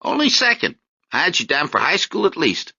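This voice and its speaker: A man's voice: fairly high pitch, big pitch swings, brisk, bright, forceful tone, no echo, lo-fi sound, voice pushed up, heavily acted. A man voicing a wry young street-corner activist. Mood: playful. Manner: teasing, lecturing, emphatic.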